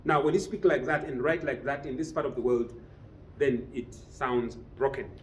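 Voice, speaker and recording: A man's voice: mid-range voice, normal speed, slight background noise. A man teaching a business writing class, lecturing and often putting questions to his students. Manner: quizzes the class with frequent questions. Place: training room with a class.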